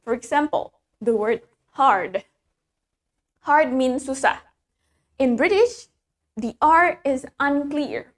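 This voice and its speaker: Woman, high pitch, English teacher, bilingual lesson, word drills. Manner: switches between English and Indonesian, drills words for repetition.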